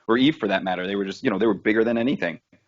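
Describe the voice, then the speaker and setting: Rambling lo-fi man with a low voice. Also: very fast. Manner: rambling, animated storytelling with lots of fillers and swearing. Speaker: podcast co-host. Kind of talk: casual chat.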